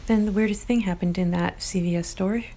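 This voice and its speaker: Gravelly-voiced woman rambling through a vlog. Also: medium pitch, steady tone, fairly quick, dark tone. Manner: rambling, earnest, defensive toward critics. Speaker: video host. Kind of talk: casual vlog commentary.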